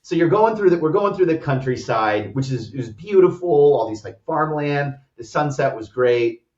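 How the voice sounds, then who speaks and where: A man's voice: on the high side, expressive, normal speed, a little mellow. An American man who co-founded a startup, telling a travel story as a guest in a loose, rambling way full of "like" fillers. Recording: roomy, distant, dull-sounding audio.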